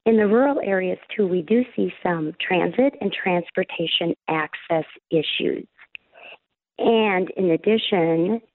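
A woman speaking as an interview guest from a caregiving agency, giving steady, explanatory answers. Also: fairly low pitch, no room sound. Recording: dry tinny phone line.

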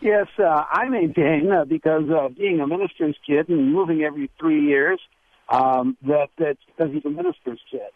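A man calls in to a radio show and talks in a rambling, animated way. His slightly high voice comes through a tinny phone line. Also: normal speed, no echo. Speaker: caller. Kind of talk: radio call-in comment.

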